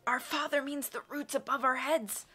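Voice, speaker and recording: A woman voicing a poisoned, bookish teenage boy whose voice comes out rough and wheezy. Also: high-pitched, fairly even intonation, moderate pace, bright, forceful tone, faint music behind, voice pushed up. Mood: wheezy, strained.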